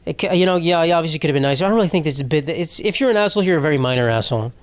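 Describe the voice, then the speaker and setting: A man's voice: on the high side, lively intonation, rapid-fire. A young man hosting a solo podcast, rambling casually with lots of swearing and jokes. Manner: rambling, profane, jokey. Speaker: podcast host.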